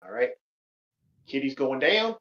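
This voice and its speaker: A man's voice: medium pitch, lively intonation, a little slow, a bit bright, lo-fi sound. A man hosting a casual group voice call, loose and joking, swearing casually, recorded on a home computer mic. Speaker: host.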